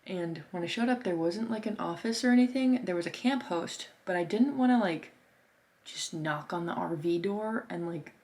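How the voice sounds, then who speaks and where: A woman's voice: fairly low pitch, moderate pace, a little mellow. A young woman artist telling a casual travel story in a chatty way, full of fillers and acted-out quotes. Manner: chatty, lots of fillers, acts out quoted voices. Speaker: artist vlogger.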